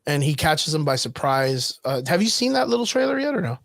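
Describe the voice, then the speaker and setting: Chatty, animated guy co-hosting a livestream. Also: a little high, a little fast, vocal fry, no room sound. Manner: animated, chatty, laughs easily. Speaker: podcast co-host. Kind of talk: casual livestream chat.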